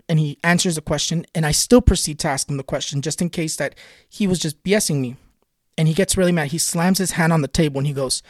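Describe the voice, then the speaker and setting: A man's voice: on the high side, no echo, clean studio sound. Earnest man telling a personal story. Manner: earnest, confiding. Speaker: spiritual vlogger and tarot reader.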